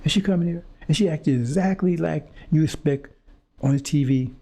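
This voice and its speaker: A preacher with a high-ish, warm, husky voice speaks at normal speed, delivering an impassioned, fiery monologue that confronts his audience. He repeats phrases and stammers, restarting as he searches for words.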